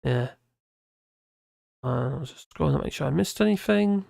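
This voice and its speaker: Tired, gravelly live streamer. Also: mid-range voice, animated, darkish tone, no room sound, studio quality. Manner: rambling, halting, with many restarts. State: tired and mumbling. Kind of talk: casual live stream commentary reading out chat.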